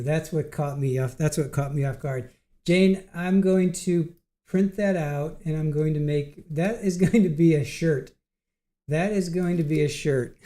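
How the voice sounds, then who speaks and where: Middle-aged male stream host, worn out, giggly and repetitive, mellow, somewhat high voice. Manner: giggly, punch-drunk, repeats himself. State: tired after a long stream. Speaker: livestream host. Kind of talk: casual chat with live chat viewers.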